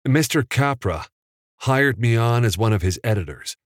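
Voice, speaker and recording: A man's voice: medium pitch, expressive, normal speed, no room sound, clean studio sound, voice pushed up, lightly acted. A man voicing an earnest, nervous young film editor in an audiobook, hesitant and stammering. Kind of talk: audiobook character voice.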